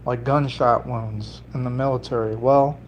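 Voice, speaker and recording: On his solo stream, a fishing-lure builder talks to chat while working, rambling and joking with a slight put-on Italian lilt. His voice is medium-pitched and unhurried, with fairly even intonation. The audio is dull, with slight background noise.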